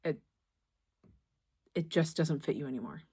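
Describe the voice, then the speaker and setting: Low-voiced gentle woman tarot reader. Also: expressive, slightly rough. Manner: gentle, reassuring, halting with many restarts. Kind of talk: tarot reading to camera.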